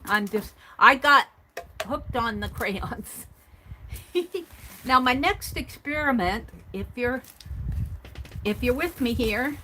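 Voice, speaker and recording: A woman's voice: fairly high pitch, bright, forceful tone, poor audio. A woman casually demonstrating a mixed-media art experiment, thinking aloud as she works at a craft table. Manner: thinks aloud while working, chatty and tentative. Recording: audible background noise with clicks.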